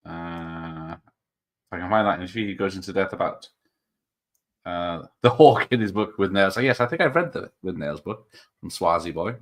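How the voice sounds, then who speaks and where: Reading out comments from viewers, the host of a laid-back live stream wanders and starts over, padding the gaps with ums and soft laughs. He has a slightly low, somewhat bright voice and keeps a moderate pace.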